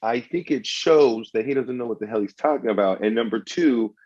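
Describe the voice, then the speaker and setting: A man's voice: medium pitch, a little fast. A man arguing heatedly and swearing freely in a comedic podcast debate. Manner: loud, argumentative, swears a lot. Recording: dull lo-fi sound.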